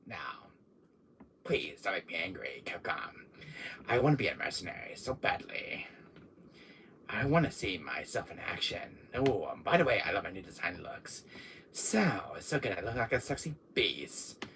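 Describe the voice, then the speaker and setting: A man's voice: sits low, very animated, normal speed, a bit bright, slight background noise, full character voice. A man playing a vain, menacing male game villain who boasts, curses and slips into whispers during a live stream. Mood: arrogant. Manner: boastful, cursing, drops into whispers. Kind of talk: in-character live stream, toy pick-up.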